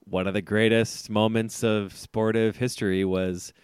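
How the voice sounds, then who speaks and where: Lowish smooth guy rambling on a sports podcast, dry close sound, keeps cracking up. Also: little pitch movement, measured pace, dry recording. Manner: rambling, teasing, laughs often. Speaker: podcast co-host. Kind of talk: casual sports banter.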